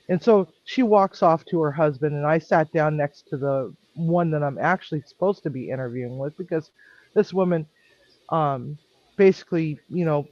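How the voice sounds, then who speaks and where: A man's voice: on the high side, darkish tone, dry recording, lo-fi sound. A man working as a kitchen manager tells a story bluntly and acts out the dialogue. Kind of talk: storytelling on a stream.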